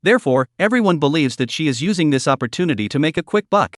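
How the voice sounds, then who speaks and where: A man's voice: fairly high pitch, lively intonation, fast talker, dry recording, studio quality. A man narrating a comic recap with a scripted, dramatic storytelling delivery.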